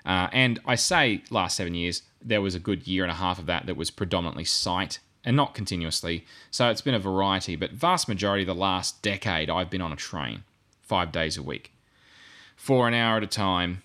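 A man's voice: low voice, lively intonation, a little fast, bright, forceful tone. A man co-hosting a podcast, talking casually in a rambling way and correcting himself as he goes. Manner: rambling and self-correcting, with asides. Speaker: podcast co-host.

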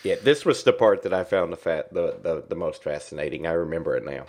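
A man's voice: deep voice, animated, fast talker, darkish tone. A man co-hosting a casual podcast, easygoing and a little hesitant, often stumbling and restarting. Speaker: podcast co-host.

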